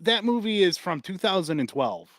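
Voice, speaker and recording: A man co-hosting a podcast in casual chat, animated, cursing and laughing often. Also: sits high, moderate pace, no room sound, clean studio sound. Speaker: podcast co-host.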